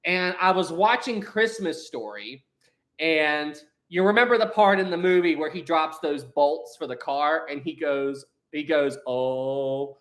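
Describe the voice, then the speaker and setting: Speaking at a measured pace, a young male streamer with a slightly high, fairly bright voice reads through Super Chats. His casual talk is full of rambling and frequent laughter.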